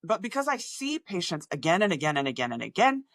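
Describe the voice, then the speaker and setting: Speaking quickly to camera in a lowish voice with big pitch swings, a woman audiologist and communication coach acts out patients' remarks in different voices. Her international accent is often mistaken for American, and there is no room sound.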